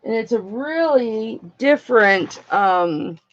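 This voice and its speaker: A woman's voice: fairly high pitch, expressive, slow, highs cut off. A woman hosting a jewelry auction livestream, chatting casually and affectionately with viewers and calling them honey and baby.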